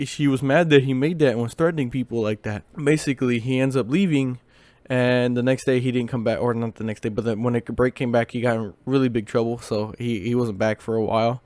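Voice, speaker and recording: A man's voice: mid-range voice, steady tone, a little fast, a little mellow, no room sound. A man casually tells a long story from his school days, rambling with many fillers and restarts.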